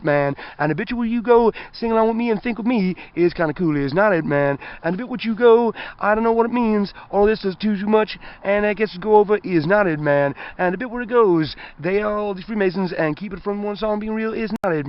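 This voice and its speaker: A man's voice: high-pitched, clear, resonant tone, no room sound, muffled recording. A man delivering an improvised spoken-word rant, rambling and profane in a stream of consciousness.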